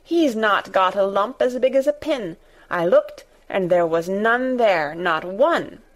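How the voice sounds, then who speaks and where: A woman's voice: big pitch swings, moderate pace. A woman voicing a fierce, stubborn young girl who speaks obstinately and indignantly. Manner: obstinate, indignant, raised pitch.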